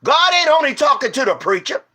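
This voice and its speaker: A very animated man tells a story while preaching informally, speaking fairly quickly and emphatically. He repeats rhetorical questions, stumbles over restarts, and swings from low to loud as he narrates.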